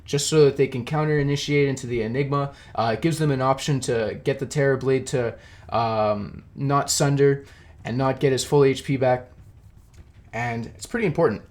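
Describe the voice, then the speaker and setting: A young man, an esports caster, rambles through casual solo commentary on a match, eating as he goes and laughing at himself often in a self-deprecating way. His voice is mid-range and a little mellow, at normal speed.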